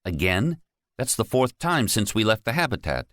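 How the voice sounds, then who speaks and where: A man's voice: fairly low pitch, sing-song, normal speed, fairly bright tone, no room sound, studio quality, voice pushed up. A man voicing Tony, a nervous young man who is determined and urgent, in an audiobook. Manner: urgent, reasoning. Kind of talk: audiobook character voice.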